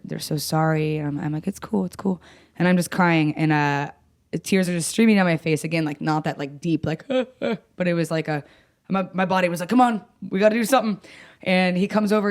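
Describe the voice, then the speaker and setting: A young adult woman comedian swaps stories in a loose, casual chat. She is blunt and profane, laughs easily and mocks herself, with a slightly low pitch. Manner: blunt, profane, self-mocking, laughs often. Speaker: comedian guest.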